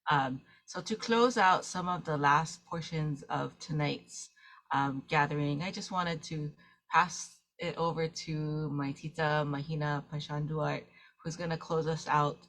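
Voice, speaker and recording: Teary deep-voiced woman hosting. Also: fairly even intonation, a bit bright. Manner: halting, with many fillers. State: teary-eyed. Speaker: host. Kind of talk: casual online gathering hosting.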